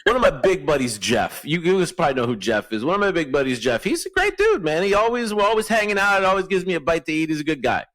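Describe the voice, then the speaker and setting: A man, a podcast guest, riffing an improvised deadpan comedy bit, rambling and halting and laughing at his own jokes. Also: on the high side.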